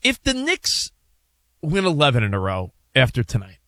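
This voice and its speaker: A man's voice: mid-range voice, wildly swooping pitch, normal speed, sharp tone, no room sound, clean studio sound. A man co-hosting a sports talk show, posing long rambling hypotheticals in casual debate.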